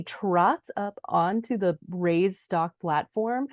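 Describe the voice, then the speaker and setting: Young adult woman, podcast recap host; mellow, chatty, dry close mic. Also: moderate pace, no echo, muffled recording. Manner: chatty, acts out quoted lines in a higher voice. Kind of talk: casual recap narration.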